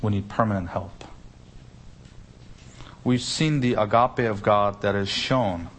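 A man's voice: fairly low pitch, slow, a little hiss or hum. A man preaching an expository sermon, stressing key words with sudden lifts and asking rhetorical questions. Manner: explains Greek grammar with rhetorical questions. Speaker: pastor.

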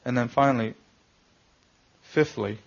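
A man's voice: mid-range voice, a little slow, creaky, highs cut off. A man preaching a sermon, building to emphatic swells and asking the listeners rhetorical questions. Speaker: pastor.

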